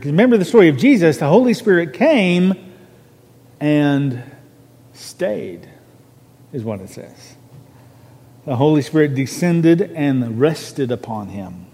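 A man's voice: medium pitch, dark tone. Guy preaching from a podium, earnest, chatty, church reverb hanging on his voice. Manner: earnest, conversational preaching with restarts and rising emphasis. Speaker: minister. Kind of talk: sermon. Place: church sanctuary on a raised podium.

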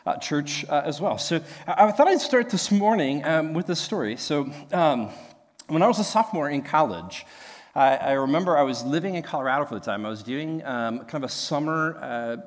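A man's voice: a little high, lively intonation, normal speed, in a large hall. A young man from Nebraska, a pastor, telling a story in a sermon, chatty, with many fillers and restarts. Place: church.

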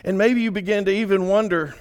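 Guy preaching, high voice, goes quiet then punches it, big echoey church. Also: fairly quick, smooth. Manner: animated, swings from hushed to emphatic. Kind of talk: sermon.

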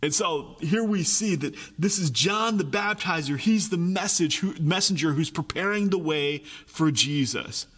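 A man preaching a sermon, animated, acting out the voices of complaining people. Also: a little high, a little slow, few pauses, husky, long reverb tail. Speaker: pastor.

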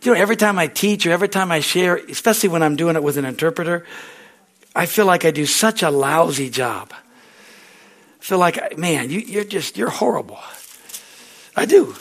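A man's voice: fairly high pitch, animated, a little fast, fairly bright tone. A man with an American accent preaching a sermon as pastor, in a folksy, rambling way, often asking "Amen?" and laughing at himself. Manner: self-deprecating, laughs easily.

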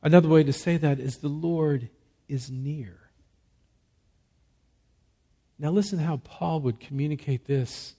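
Man preaching a measured, emphatic sermon. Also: a little high, dark tone, slightly rough. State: fighting a cough. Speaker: pastor.

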